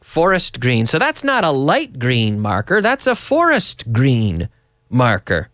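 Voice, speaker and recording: Lively English teacher man, dry sound. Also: mid-range voice, no echo. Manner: animated, repeats words slowly for learners. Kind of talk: bilingual English lesson.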